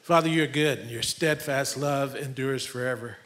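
A man's voice: medium pitch, moderate pace, fairly bright tone. A man leading an earnest commissioning prayer in a church service. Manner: fervent, earnest praying. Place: church sanctuary.

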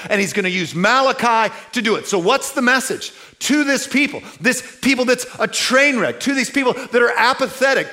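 Animated, high-voiced male preacher. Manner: animated, conversational, rhetorical questions to the audience. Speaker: pastor. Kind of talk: sermon.

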